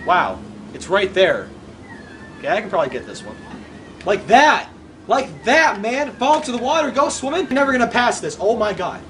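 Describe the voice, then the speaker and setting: A man commenting on his own gameplay, excitable and quick to yelp and shout whenever he fails. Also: high voice, background noise. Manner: excitable, yelps and shouts at failures. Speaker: gamer.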